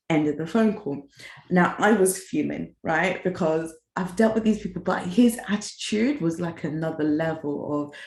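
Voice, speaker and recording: A woman casually telling a story about a rude client, acting out the quoted lines with big jumps in her voice. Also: moderate pace. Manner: animated, acts out quoted dialogue with big pitch jumps. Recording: roomy echo.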